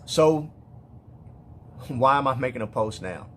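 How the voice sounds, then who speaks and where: Weary, slow-talking father, heartfelt. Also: mid-range voice, lively intonation, slight background noise. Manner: halting, with frequent repeated words and restarts. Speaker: father speaking to other parents. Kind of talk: emotional personal monologue.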